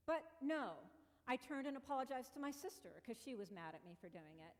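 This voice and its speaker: Woman, pastor, storytelling sermon, higher voice, long hall echo. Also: sing-song, moderate pace. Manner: conversational, acts out her own exclamations. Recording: long reverb of a church hall.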